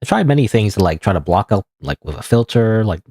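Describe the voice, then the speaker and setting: A man's voice: lowish voice, sing-song, fast talker, dark tone, dry recording, studio quality. A male streamer rambling through casual gameplay commentary, full of fillers and a bit out of breath.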